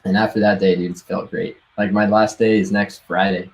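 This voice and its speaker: A man's voice: lowish voice, little pitch movement, brisk, darkish tone, rough recording. A young man eagerly telling his own story of leaving a salaried job for his business, in a casual, laughing way with plenty of swearing and filler. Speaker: guest sharing success story. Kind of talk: casual storytelling on a live call.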